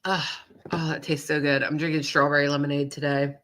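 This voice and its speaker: A woman with a low, level, fairly bright voice talks fairly quickly during a casual live stream. Nasal and sniffly as she recovers from a cold, she rambles gossipily and breaks off for apologetic asides.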